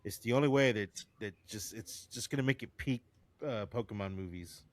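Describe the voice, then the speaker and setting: A man co-hosting a podcast in casual chat, talking in an animated, excitable way. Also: fairly low pitch, moderate pace, no echo. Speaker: podcast co-host.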